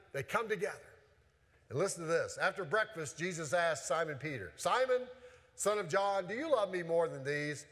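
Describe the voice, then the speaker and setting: A man preaching a sermon from the pulpit, earnest and searching, circling back on his words with questions for the congregation. His voice sits a little high for a man and rings out through a church with a long, lingering reverb. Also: pushed and bright. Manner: earnest, with frequent restarts and rhetorical questions. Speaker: pastor. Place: church sanctuary.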